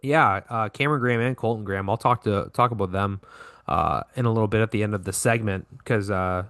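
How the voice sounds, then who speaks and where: A man's voice: on the low side, fairly quick, fairly bright tone, clean tone, no room sound, clean studio sound. Man recapping hockey scores. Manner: reads scores, self-correcting with fillers. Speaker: podcast co-host.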